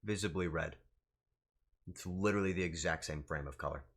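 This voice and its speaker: A man's voice: sits low, a little fast, fairly bright tone, slightly rough. A male streamer in casual live-stream chat, flustered and swearing as he banters with his chat.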